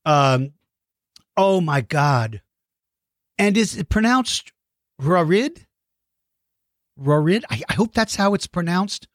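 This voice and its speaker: A middle-aged man chatting warmly to young viewers about their drawings, enthusiastic with playful mock-outraged outbursts. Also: high-pitched, lively intonation, slow pace, pauses often, no room sound, studio quality. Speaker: kids' dinosaur channel host. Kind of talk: casual chat to young viewers.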